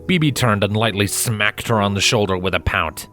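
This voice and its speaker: A man narrating a fanfiction story in a calm, steady read-aloud manner. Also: fairly low pitch, moderate pace, faint music behind. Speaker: fanfiction reader.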